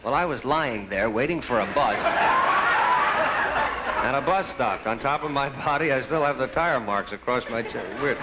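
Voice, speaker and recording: Deadpan man doing stand-up. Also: a little high, noisy background. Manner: deadpan storytelling, acts out sign voices. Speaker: stand-up comedian. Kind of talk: stand-up routine.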